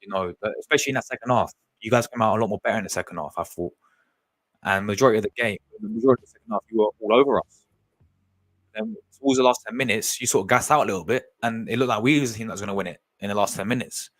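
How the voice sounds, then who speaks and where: Slangy young man with a low voice. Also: racing, no echo. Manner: animated, slangy, repeats words. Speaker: live stream host. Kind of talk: casual fan live stream chat.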